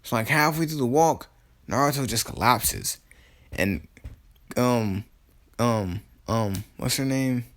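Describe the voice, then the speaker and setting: A man's voice: medium pitch, takes it slowly, long pauses, a bit bright. A man casually telling a fan-made story, rambling with many fillers, restarts and casual swearing.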